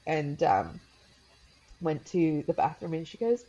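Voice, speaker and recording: A woman's voice: sits low, sing-song, takes it slowly, dark tone, breathy edge, lo-fi sound. A woman in her thirties, a podcast guest, telling a personal story in a chatty way with many fillers and laughs, often quoting her young daughter in a raised voice.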